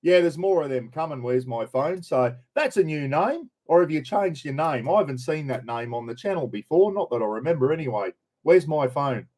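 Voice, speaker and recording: A man's voice: fairly high pitch, animated, moderate pace, darkish tone. A middle-aged Australian man hosting a casual live stream, chatting loosely, greeting viewers by name and swearing freely.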